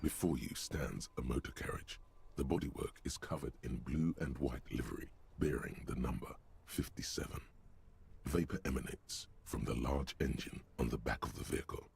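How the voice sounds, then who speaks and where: A gravelly, booming game narrator. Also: male voice, darkish tone, slight background noise. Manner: slow, deliberate and ominous. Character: deep, omniscient male game narrator. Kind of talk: scripted narration.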